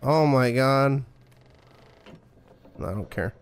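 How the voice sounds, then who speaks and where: A man's voice: medium pitch, very slow, a little hiss or hum. A man streaming a horror game live, swearing, joking and talking back to the game and to his chat. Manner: profane, jokey, talks back to the game and chat. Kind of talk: live gameplay commentary.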